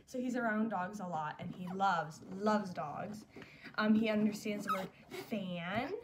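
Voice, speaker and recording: A woman's voice: mid-range voice, measured pace, noisy background. A young woman vlogging as a mom, chatting fondly and casually with lots of fillers. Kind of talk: casual chat.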